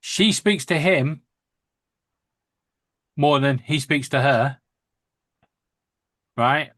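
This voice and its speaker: Northern english guy from lancashire, chatty, laughs a lot, voice a bit high, dry close sound. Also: drawn-out words, a bit bright, dry recording. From Lancashire, England. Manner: chatty, laughs often, repeats and restarts. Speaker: podcast host. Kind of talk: casual chat.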